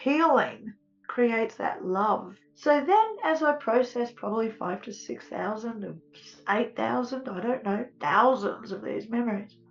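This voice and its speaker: A woman's voice: on the high side, animated, unhurried, dull audio. A woman earnestly telling her own near-death experience, tearful at times and dwelling on her feelings. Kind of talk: emotional first-person testimony.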